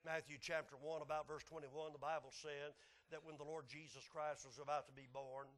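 Preacher man, high voice, folksy, goes quiet then hollers. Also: flat delivery, fairly quick. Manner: folksy, swinging between hushed and shouting. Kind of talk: sermon.

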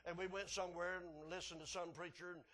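High-voiced preacher. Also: male voice, flat delivery, fast talker. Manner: folksy, chuckling, swings from soft asides to hollering. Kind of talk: sermon.

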